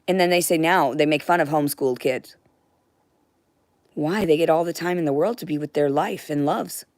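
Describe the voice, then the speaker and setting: A woman's voice: low voice, a little mellow, dry recording, studio quality. A woman delivering a heated, rambling monologue to her viewers, swearing freely as she goes. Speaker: livestreamer.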